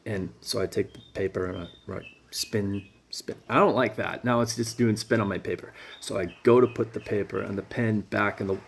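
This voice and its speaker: A man telling a rambling personal story in a casual, animated way. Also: on the low side, a little fast, vocal fry, few pauses, a little hiss or hum. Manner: animated, casual, jumps between thoughts.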